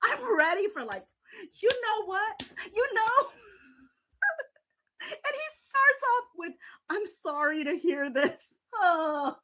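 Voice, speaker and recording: A woman's voice: very high voice, very animated, takes it slowly, long pauses, sharp tone. A woman doing reaction commentary, reading a message aloud, speaking to its writer as if he could hear and thinking aloud. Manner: talks to the subject directly, thinks aloud with sighs and restarts. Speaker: commentary vlogger.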